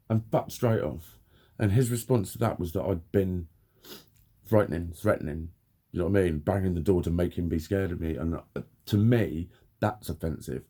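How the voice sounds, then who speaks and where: Man, husky dark voice, angry rant, heavy swearing, blunt. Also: sits low, moderate pace. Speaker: vlogger.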